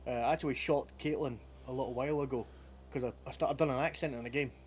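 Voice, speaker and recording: A man's voice: mid-range voice, fairly even intonation, fast talker. Male host, mid-range voice, chatty and anecdotal on a video call, faint noise behind. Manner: chatty, anecdotal storytelling with laughs. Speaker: podcast host and game master. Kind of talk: casual chat.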